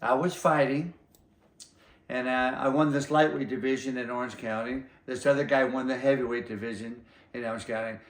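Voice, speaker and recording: A man's voice: medium pitch, steady tone, normal speed. Rambling older man in an echoey room. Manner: rambling, acts out other people's lines. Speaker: martial arts master being interviewed. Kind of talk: casual anecdotal storytelling. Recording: roomy echo.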